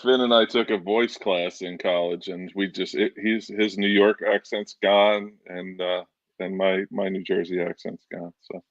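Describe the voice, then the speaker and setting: Very deep-voiced man, dull dry sound. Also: fairly even intonation, measured pace, no echo. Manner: earnest, repeats himself, restarts often. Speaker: podcast co-host. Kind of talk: casual sports talk.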